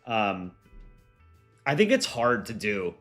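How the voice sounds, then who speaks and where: A man's voice: fairly low pitch, slow, faint music behind. Casual American man on a live stream. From United States. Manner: relaxed, chatty, frequent ums and likes. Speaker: streamer and voice actor.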